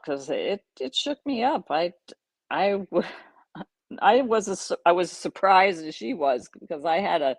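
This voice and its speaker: A woman's voice: deep voice, no room sound. Dry-voiced woman telling a story. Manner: animated, chuckling, restarting sentences. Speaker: podcast host. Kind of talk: casual personal storytelling.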